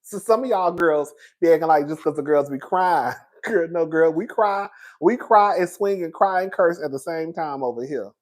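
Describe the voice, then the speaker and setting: A man hosting a casual live chat with his viewers, animated and profane, laughing often and calling them girl and honey. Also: fairly high pitch, normal speed. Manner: calls listeners girl and honey. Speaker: YouTube commentator.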